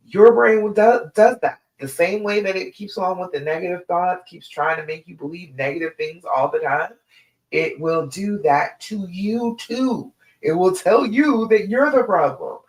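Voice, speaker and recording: A woman's voice: lowish voice, normal speed, darkish tone. A woman relationship coach giving a direct, emphatic live stream talk to her listeners. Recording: echoey room.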